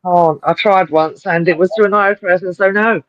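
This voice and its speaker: A woman's voice: on the low side, fairly even intonation, a little fast, dry recording. Casting: woman co-host, teasing crude banter, dry lo-fi remote sound. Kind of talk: casual podcast chat.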